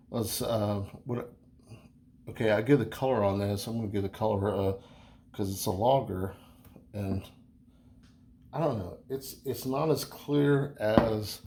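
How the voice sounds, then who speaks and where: A man's voice: on the low side, warm tone, a little hiss or hum. Rambling, easygoing man reviewing beer. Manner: rambling, full of fillers and restarts; easygoing, chatty. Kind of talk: casual beer review vlog.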